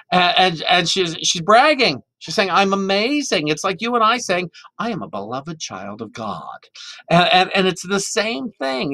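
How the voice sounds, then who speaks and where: A man preaching a sermon in a conversational, animated way, with lots of restarts and playful voices for the people he quotes. The sound is close and dry, with almost no room in it. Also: medium pitch, no room sound. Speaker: minister. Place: church sanctuary. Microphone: microphone.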